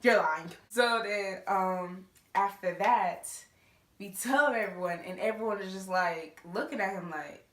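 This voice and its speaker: Young woman, casual storytelling, animated, laughing asides, roomy echo. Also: mid-range voice, a little slow. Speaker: storytime vlogger.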